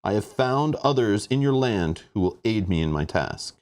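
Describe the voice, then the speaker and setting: A man's voice: fairly low pitch, lively intonation, moderate pace, a little mellow, lightly acted. Man reading as a menacing robed sorcerer. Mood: amused. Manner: amused, threatening.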